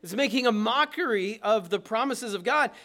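A pastor delivers his sermon in a notably high voice for a man. He preaches emphatically and stays conversational, tossing questions and asides to the congregation. He is heard in a church. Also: expressive, moderate pace, sharp tone.

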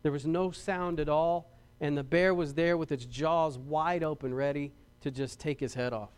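A man preaching a sermon and telling a story, swinging from loud, rising passages to quiet ones, often repeating words and restarting. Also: on the high side, steady tone, normal speed, clean tone.

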